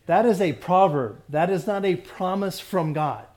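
A man's voice: high-pitched, animated, normal speed, a little mellow. A man pastor leading a Bible study in a conversational way, often restarting and checking that the group follows him.

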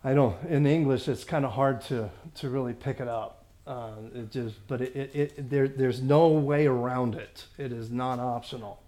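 A man teaching a Bible study as a pastor, halting with many fillers and restarts, stressing points emphatically. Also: medium pitch, fairly even intonation, warm tone.

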